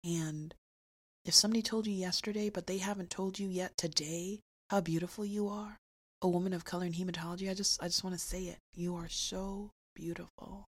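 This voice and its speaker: Husky low-voiced woman podcast host. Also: steady tone. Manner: warmly emphatic, repeats phrases slowly for effect. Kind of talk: inspirational podcast talk.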